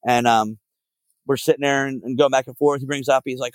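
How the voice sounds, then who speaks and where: There's no room sound as a man talks a little fast in a flat, medium-pitched voice. He's a frontman guesting on a podcast, a Philadelphia-area native telling a sprawling, foul-mouthed road story loaded with fillers in a casual way.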